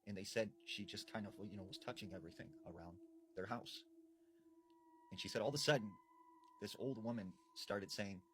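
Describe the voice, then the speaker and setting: A man narrating a spooky folklore story, drawing out suspense with dramatic pauses and casual fillers. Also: sits low, a little hiss or hum.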